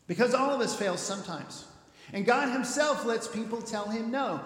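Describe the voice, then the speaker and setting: High-voiced preacher in a roomy hall. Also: male voice, animated, normal speed. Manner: earnest, building to loud emphatic peaks. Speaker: pastor. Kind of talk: sermon.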